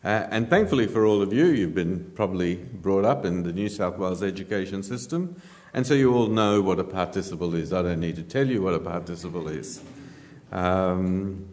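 A man preaching a sermon, teaching in a measured way with frequent "uh" fillers and dry humour. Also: low-pitched, a little mellow.

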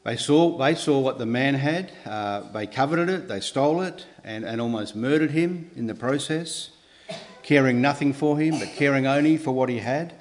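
A man preaching a sermon in an earnest, measured way, pausing and restarting, with emphatic rises on key words. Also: mid-range voice.

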